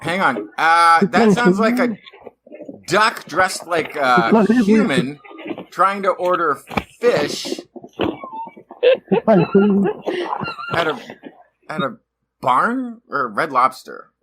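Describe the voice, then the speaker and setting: A man's voice: high voice, extremely slow, long pauses, slight background noise, low-quality recording. A man co-hosting a science podcast, joking and riffing playfully. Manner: jokey, playful, animated. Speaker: co-host. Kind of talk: casual science podcast chat.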